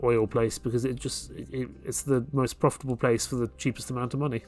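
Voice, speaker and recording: A man hosting a let's play, talking through his game in a laid-back, thinking-aloud way. His voice sits at an ordinary middle pitch. Faint game music plays behind him. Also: fast talker. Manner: relaxed, thinking aloud while playing. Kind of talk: casual gameplay commentary.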